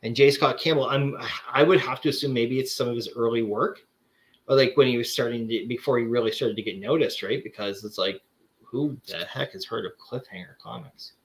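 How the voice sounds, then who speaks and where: A man's voice: medium pitch, brisk. A man hosting a casual chat, showing off comic books and rambling with lots of fillers and restarts. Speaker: comic collector host.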